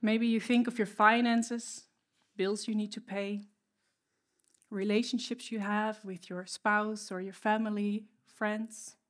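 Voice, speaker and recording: A woman whose first language is not English, preaching a sermon from a stage in an earnest, emotional way, with pauses and restarts. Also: medium pitch, little pitch movement. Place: stage before an audience.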